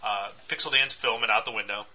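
A podcast co-host with a lowish voice talks a little fast while telling a story in casual conversation. He's an animated storyteller who acts out the quotes.

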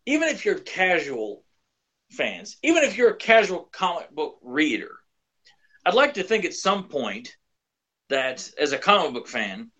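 A man in a casual podcast chat rants about a comic with dry sarcasm, stumbling over restarts as he talks. His voice has a bright, forceful edge. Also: a little high, big pitch swings, measured pace, rough recording. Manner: sardonic, ranting with repeated restarts. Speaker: podcast co-host.

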